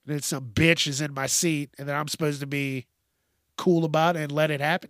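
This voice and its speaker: Man, podcast host, blunt profane rant, slightly high voice, dry close sound. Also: fairly even intonation, brisk, a bit bright, dry recording. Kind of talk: casual ranting monologue.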